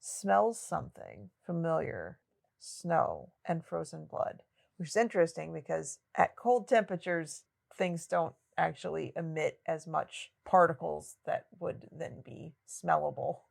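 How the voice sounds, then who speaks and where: Low gravelly-voiced lady cohosting a book podcast, rambly and laughing a lot. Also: expressive, a little slow. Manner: chatty, digressive, laughs often. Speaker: podcast co-host. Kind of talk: casual book discussion.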